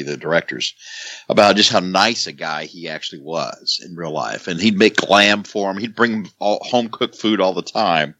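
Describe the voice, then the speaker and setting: A man co-hosting a movie review podcast in casual chat, chatty with quick asides and laughs. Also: sits low, fairly bright tone, no room sound. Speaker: podcast co-host.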